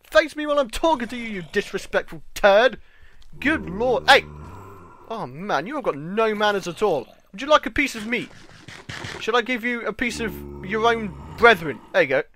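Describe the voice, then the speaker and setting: A high-pitched British man with a bright, ringing voice narrates his game live. He chatters, jokes and yells at the creatures on screen, his pitch swooping all over as he reacts. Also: moderate pace. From Britain. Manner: excitable, yells and pleads at game mobs. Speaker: gaming channel host. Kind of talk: let's-play game commentary.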